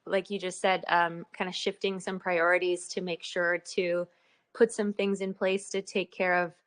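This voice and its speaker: Woman, casual team update, hesitant restarts, flat low voice, dry sound. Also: moderate pace, no echo. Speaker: team member on a project call. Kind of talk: casual spoken project update.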